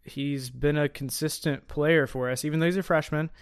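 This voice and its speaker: Man, sports podcast host, smooth resonant voice, dry close sound, casual chat with fillers. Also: a little high, fairly even intonation, moderate pace, dry recording. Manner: talks in bursts with many fillers and restarts.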